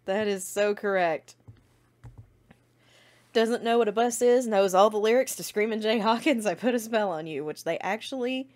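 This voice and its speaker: A young woman hosting a casual fan vlog, chatting and reading out memes with frequent giggles. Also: a little high. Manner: giggly, chatty, laughs often. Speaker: fan channel host.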